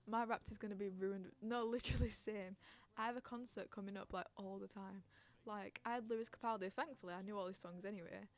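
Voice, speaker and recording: A woman's voice: mid-range voice, fairly even intonation, brisk, few pauses. A young woman hosting a casual chat podcast on stream, rambling, giggling and reading out chat messages.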